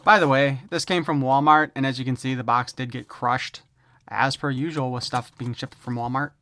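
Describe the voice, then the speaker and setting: A man's voice: mid-range voice, fairly even intonation, moderate pace, bright, forceful tone. A man giving a casual unboxing review of a toy, opinionated and wry, with jokes thrown in.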